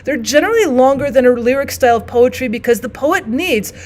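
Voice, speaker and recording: A woman teaching a lesson on poetry, explaining each form step by step and reading example poems aloud slowly. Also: sits high, expressive, darkish tone. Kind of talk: classroom lesson.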